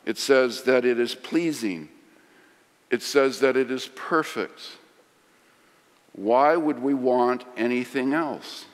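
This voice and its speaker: A middle-aged man preaching a sermon, swinging from loud emphasis to hushed lines. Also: medium pitch, slow pace, long pauses. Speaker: pastor. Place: large church sanctuary. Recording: long hall reverb.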